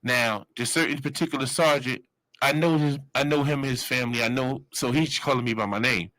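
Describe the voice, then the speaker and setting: A man's voice: fairly quick, no echo, rough recording. A man in his forties telling a story in casual street slang, rambling and acting out other people's voices. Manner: animated, acts out quoted voices with sudden high yells.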